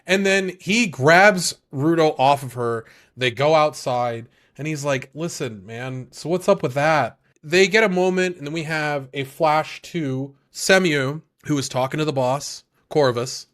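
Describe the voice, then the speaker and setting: In his animated, casual recaps of anime episodes, a podcast co-host curses freely and acts out what the characters say. His voice is fairly high, and he speaks unhurriedly with hardly any pauses.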